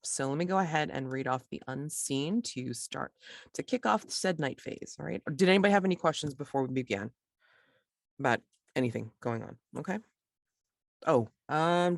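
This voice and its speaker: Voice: mid-range voice, no room sound, studio quality. A game master casually running a tabletop role-playing game, explaining rules with many fillers and restarts.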